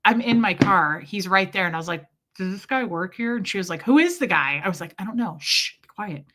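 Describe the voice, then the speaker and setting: A woman's voice: mid-range voice, lively intonation, fast, background noise. A woman telling a story on a casual livestream. She greets viewers by name mid-story and acts out the people she met in little voices.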